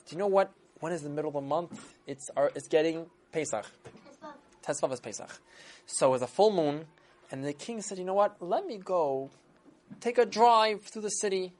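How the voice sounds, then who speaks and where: A storyteller telling a story to children, animated and quizzing the listeners along the way. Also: medium pitch. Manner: animated, asks listeners questions.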